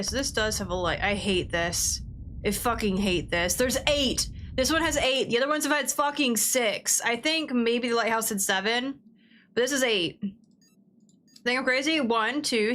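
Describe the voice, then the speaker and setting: Woman streamer, slightly high voice, chatty and blunt with plenty of swearing; casual livestream talk from her desk. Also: fairly bright tone, a little hiss or hum. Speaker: gaming livestreamer. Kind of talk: casual livestream chat while playing.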